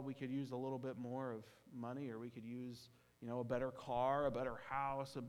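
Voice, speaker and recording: A man preaching a sermon, telling a story earnestly and often restarting his phrases. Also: mid-range voice. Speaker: pastor. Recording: hall reverb.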